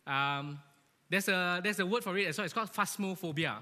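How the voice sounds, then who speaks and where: High, bright-voiced man preaching with laughs. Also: fairly quick. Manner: animated, laughing, often asks "right?". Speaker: church speaker. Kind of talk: lively sermon with jokes. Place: church hall. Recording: echoey church hall.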